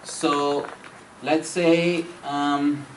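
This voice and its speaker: A man teaching a grammar class, repeating each point, checking in with students and reciting verses quickly. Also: a little high, level tone, faint music behind, poor audio. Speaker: Arabic teacher.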